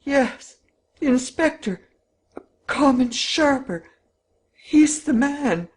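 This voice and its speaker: A man's voice: extremely high pitch, expressive, slow, pitched above the performer's own voice, full character voice. A man voicing a bewildered, meek husband in a storybook reading, stammering and moaning. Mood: panicked.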